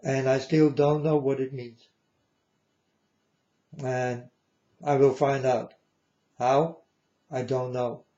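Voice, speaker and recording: A man's voice: medium pitch, little pitch movement, slow, long pauses, warm tone. A man giving a preachy, lecturing monologue to his viewers, often turning to them as "folks" and asking if they understand. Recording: echoey room, dull lo-fi sound.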